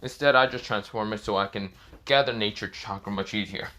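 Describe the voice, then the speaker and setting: A man playing a cocky young ninja boy in a homemade fan storybook, boastful and smug, talking in a loose, offhand way full of fillers. The voice is bright and clear, close to an everyday speaking voice. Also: fairly low pitch, a little fast. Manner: casual, offhand delivery with fillers.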